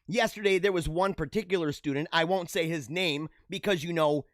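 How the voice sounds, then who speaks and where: A man's voice: fairly high pitch, fairly quick, dry recording, studio quality. A middle-aged man hosting a show, giving rambling, joking commentary on the news and laughing often. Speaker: show host.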